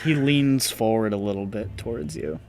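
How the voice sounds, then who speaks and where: A man's voice: lowish voice, normal speed, creaky, a little mellow, faint music behind. A man running a tabletop game as game master, narrating and bantering playfully with his players.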